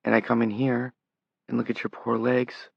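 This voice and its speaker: A man's voice: medium pitch, level tone, normal speed, gravelly, slightly rough, dry recording, voice pushed up. A man voicing a tearful, anxious young woman, his voice rising as she pleads. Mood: tearful, pleading. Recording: dull lo-fi audiobook recording.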